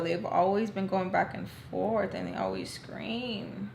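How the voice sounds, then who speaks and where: A woman's voice: mid-range voice, steady tone, measured pace, vocal fry. A young adult woman telling a personal story in a casual, chatty way, filling her talk with "like" and speaking straight to her viewers. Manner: chatty, fills talk with "like", talks to viewers as "y'all". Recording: roomy echo, faint background hiss.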